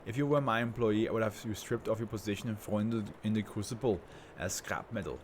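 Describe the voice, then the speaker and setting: A man's voice: on the low side, fast talker, noisy background, natural voice. A man voicing an arrogant male tycoon who is a brain in a jar, speaking in a grandiose, contemptuous way. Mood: haughty.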